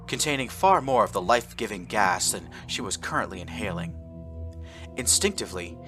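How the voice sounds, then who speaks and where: A man narrating a science fiction fan fiction story with an expressive, animated reading. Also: lowish voice.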